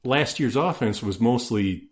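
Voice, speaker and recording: A man chatting casually as a guest on a podcast, breaking down football in a thoughtful, halting way with dry jokes. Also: medium pitch. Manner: analytical, hesitant restarts, dry jokes. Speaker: sports-knowledgeable guest.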